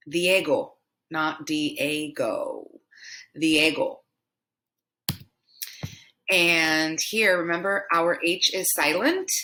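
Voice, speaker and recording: A young woman teaches pronunciation at a very deliberate pace, saying each word over and over so it sinks in. Her voice sits a little low but has a bright, forward edge. The delivery is patient and methodical, like a patient tutor. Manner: repeats each word slowly several times. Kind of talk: slow, repetitive language lesson.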